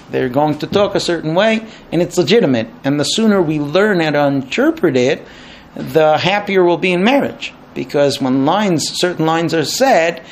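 A man giving a lecture, animated, acting out quoted exchanges in raised voices. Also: on the high side, a little hiss or hum. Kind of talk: spoken lecture to an audience.

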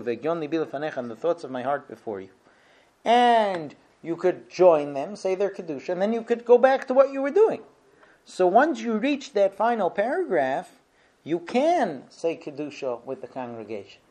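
Middle-aged guy teaching jewish law, kinda high voice, chatty, lots of restarts. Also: darkish tone. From Israel. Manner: conversational, restarts often, explains step by step. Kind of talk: informal Torah lesson.

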